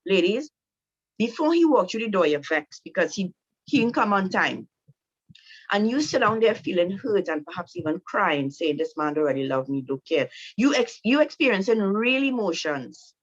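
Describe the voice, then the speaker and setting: A woman's voice: fairly low pitch, fairly bright tone, dry recording, dull audio. A woman giving an instructive talk to women on marriage, speaking directly and often asking "right?". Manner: direct, repetitive, coaching with rhetorical "right?". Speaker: marriage teacher.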